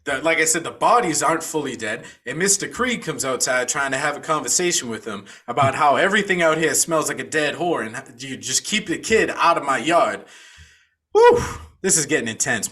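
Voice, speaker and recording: A man's voice: on the high side, sing-song, normal speed, sharp tone, slightly rough. A man co-hosting a podcast, recapping a film in a casual, profane storytelling way. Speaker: podcast co-host.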